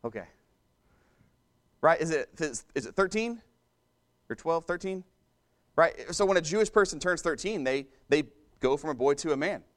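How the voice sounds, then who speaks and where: A man's voice: on the high side, animated, normal speed, long pauses. A man preaching a sermon in a conversational way, repeating and restarting phrases and turning to the congregation with asides.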